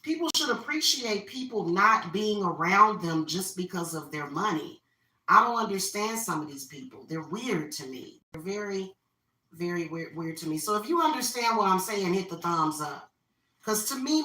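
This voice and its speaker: Venting woman, bright and roomy. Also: mid-range voice, expressive, moderate pace, far from the mic. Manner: opinionated, venting, repeats herself. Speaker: spiritual reader and vlogger. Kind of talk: casual rant while carving a pumpkin. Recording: roomy echo, voice off-mic.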